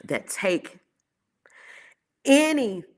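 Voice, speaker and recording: A woman's voice: medium pitch, sing-song, extremely slow. A woman hosting her own online show, telling a personal story to her viewers in a candid, emotional way. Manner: candid and emotional, acts out quoted voices.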